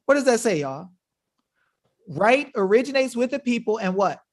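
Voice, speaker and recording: A man's voice: extremely high pitch, sing-song, moderate pace. A man hosting a webinar in an emphatic, combative, slangy manner, talking casually to his viewers. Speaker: webinar host. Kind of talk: fiery casual livestream talk.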